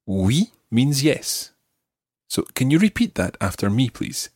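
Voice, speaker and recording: A man hosting a language course, teaching deliberately and slowing down to model words. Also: mid-range voice, big pitch swings, darkish tone, breathy edge, no room sound, studio quality. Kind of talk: scripted language lesson. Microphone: close studio mic.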